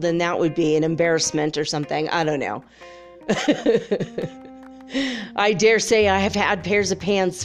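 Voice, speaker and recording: A woman telling a story in a casual, chatty monologue, laughing often and filling pauses with ums and you-knows. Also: medium pitch.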